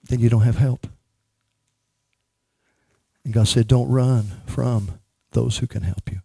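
A man's voice: mid-range voice, slow, gravelly, mellow, husky, no echo. A man ministering as a prophet, speaking emphatically and praying over a woman in church. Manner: emphatic, prays over a person.

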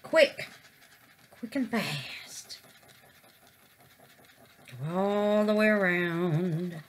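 Speaking very slowly in a fairly low voice, a middle-aged woman talks her way through a resin craft, calling her audience babies and calling out to the Lord in a chatty, casual vlog.

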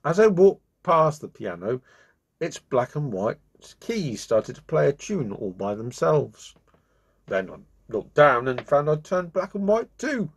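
A cross zebra from a children's tale, grumbling and then spinning a tall story with a mocking edge, voiced by a male storyteller. The voice is a bit husky and swoops between pitches. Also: very animated, unhurried, heavily acted.

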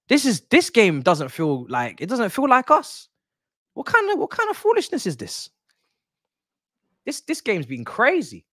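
A young man reacting live during a football watch-along, excitable and slangy, swearing and repeating himself. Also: fairly high pitch, no echo, studio quality.

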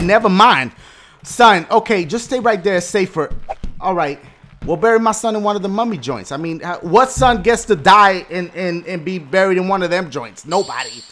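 A man giving loud, profane commentary while he plays a video game, often yelling at what happens on screen. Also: high voice, background noise. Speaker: gaming YouTuber. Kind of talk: gameplay commentary.

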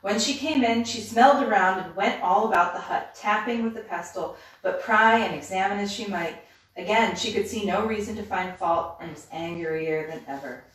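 A woman reading a fairy tale aloud as a bedtime story in steady, even narration. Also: mid-range voice, normal speed. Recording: roomy, distant mic.

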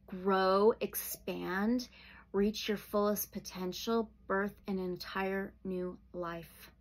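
A woman giving a pick-a-pile tarot reading, slow and soothing, with sudden excited outbursts. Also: mid-range voice. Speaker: tarot reader.

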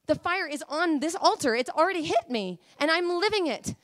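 A woman preacher with a high voice delivers an emotional sermon, moving from quiet, intimate talk to fiery declarations. The sound is dry and close, with no room echo. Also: expressive, normal speed. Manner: passionate, emotional, swinging from hushed to fiery. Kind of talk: Pentecostal-style sermon.

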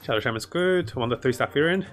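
An upbeat male streamer talks through the strategy game he's playing live, with light music in the background. He's chatty, greets viewers in chat, and laughs easily, speaking quickly in an expressive, fairly bright mid-range voice.

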